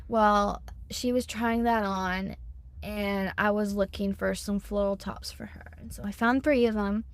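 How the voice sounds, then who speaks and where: Texan teen girl rambling through a story, lots of likes, medium pitch. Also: fairly even intonation, measured pace. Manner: chatty, many "like" fillers, acts out quotes. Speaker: guest, store employee. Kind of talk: casual storytelling.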